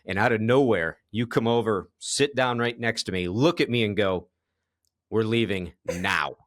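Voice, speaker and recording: A man hosting a casual interview, telling a story in a relaxed way and laughing at his own anecdote. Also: medium pitch, moderate pace, dry recording, studio quality. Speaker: podcast host.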